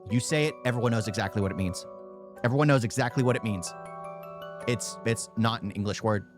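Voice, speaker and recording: A young man streaming a reaction video, talking fast and loud, stuttering and repeating himself. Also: fairly low pitch, music in the background. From United States. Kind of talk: casual reaction commentary.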